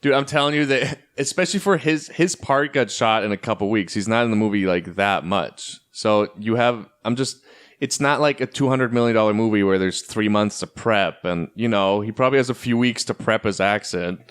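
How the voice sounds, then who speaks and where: A man co-host with a fairly low, clean, smooth voice chats casually on a podcast. He rambles, restarts his thoughts and scatters fillers through his sentences. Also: normal speed, a bit bright. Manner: rambling, filler-heavy, lots of "like". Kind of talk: casual chat.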